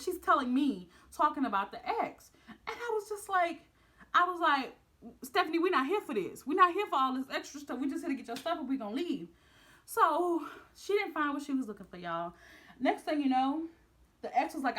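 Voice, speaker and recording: A young woman tells a college drama story to her viewers, acting out the quotes with big swings in her voice. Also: moderate pace. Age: young adult. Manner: animated, dramatic, acts out quotes with big pitch jumps. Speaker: vlogger. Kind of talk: storytime vlog, casual retelling.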